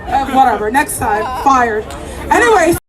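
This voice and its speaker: A woman at an outdoor rally calling out loudly and playfully to the people around her. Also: high voice, expressive, normal speed. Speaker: rally speaker. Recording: distant livestream mic in noisy crowd.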